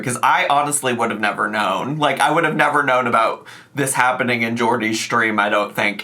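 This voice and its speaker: A young man talks through a reaction video in a bright, forceful voice. He is sarcastic and exasperated, and he keeps it chatty and informal. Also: medium pitch. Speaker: commentary YouTuber. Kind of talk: reaction commentary.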